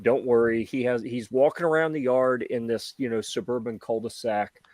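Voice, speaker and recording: Animated storytelling man in casual chat. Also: mid-range voice, normal speed, dry recording. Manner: animated storyteller acting out quoted voices. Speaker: podcast host.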